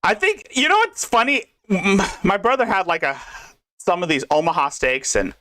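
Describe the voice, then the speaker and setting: A man's voice: sits high, animated, moderate pace, sharp tone. A man hosting a casual commentary podcast, rambling and swearing loosely. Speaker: host.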